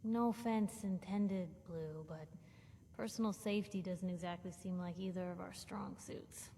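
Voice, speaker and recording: A woman voicing a chatty, nosy young reporter who talks quickly and frankly. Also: fairly low pitch, fairly even intonation, mellow, natural voice. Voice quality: chatty, quick, self-conscious. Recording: game audio with reverb and faint hiss.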